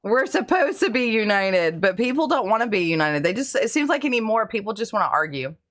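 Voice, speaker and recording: A woman's voice: medium pitch, big pitch swings, fairly quick, a bit bright. A woman hosting a casual podcast interview, agreeing readily and laughing often. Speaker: podcast host.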